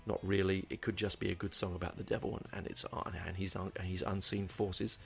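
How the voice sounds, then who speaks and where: A man's voice: low voice, steady tone, fairly quick, vocal fry. A man hosting a podcast, rambling through a casual album review with many fillers and restarts. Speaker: podcast host.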